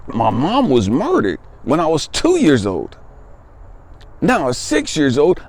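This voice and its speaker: A man's voice: on the high side, huge pitch swings, takes it slowly, no echo. A man in his fifties, a spiritual life coach, sharing a personal testimony in an emphatic, conversational way and repeating phrases for weight.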